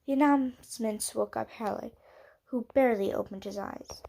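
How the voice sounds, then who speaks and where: A woman's voice: fairly high pitch, moderate pace, gravelly, dark tone. A woman reading fan fiction aloud as an amateur audiobook, with small slips and self-corrections.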